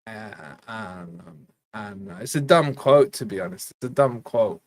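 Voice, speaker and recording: A man's voice: lowish voice, lively intonation, normal speed. Man, fan channel host, casual live-stream banter, teasing, sudden play-by-play calls. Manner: chatty, teasing, jumps between quiz talk and play-by-play. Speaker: fan channel host doing live match watch-along.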